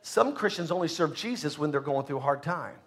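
A man preaching a sermon as pastor, emphatic, swinging between loud bursts and soft asides, asking the congregation questions. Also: fairly high pitch, animated, a little fast.

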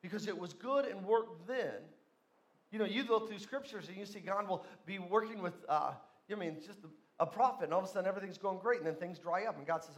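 A man preaching a sermon as pastor in a church, telling stories and acting out voices, building to loud emphasis. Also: sits high, fairly quick. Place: church sanctuary.

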